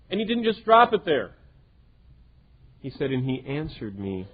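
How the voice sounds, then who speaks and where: A man preaching a sermon in an earnest way, swinging between loud emphasis and hushed quiet lines. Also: on the high side, huge pitch swings, unhurried. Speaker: pastor. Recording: tinny lo-fi phone-like recording.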